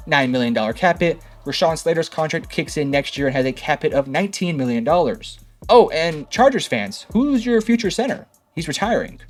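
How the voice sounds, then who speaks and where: A young man hosting a sports analysis video, talking in a sarcastic, heated way and firing rhetorical questions at fans. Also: on the high side. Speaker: sports commentary host. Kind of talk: opinionated sports analysis monologue.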